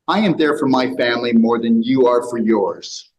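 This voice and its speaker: Animated man lecturing a live audience. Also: medium pitch, moderate pace, rough recording. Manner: animated, preachy, swings between loud and quiet. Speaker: health speaker. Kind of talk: seminar talk to a live audience. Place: room with audience.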